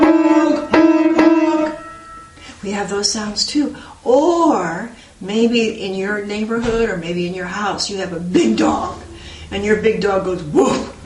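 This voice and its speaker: A woman teaching a children's piano lesson in an animated, sing-song way, copying bird and dog sounds. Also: medium pitch. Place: room with a piano. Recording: echoey room, mic at a distance. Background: piano playing.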